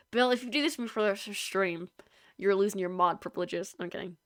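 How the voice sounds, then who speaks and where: A woman's voice: mid-range voice, a little fast, fairly bright tone, dry recording, clean studio sound. A woman game streamer chatting casually in her bedroom, rambling and self-deprecating. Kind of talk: casual live-stream chat. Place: small bedroom. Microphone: streaming setup.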